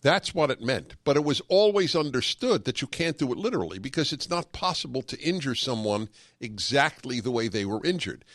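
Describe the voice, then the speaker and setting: A man's voice: medium pitch, very animated, a little fast, fairly bright tone, no room sound, clean studio sound. Earnest, emphatic male radio host. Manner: emphatic, earnest, sarcastic asides. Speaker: radio talk show host. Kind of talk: call-in radio talk.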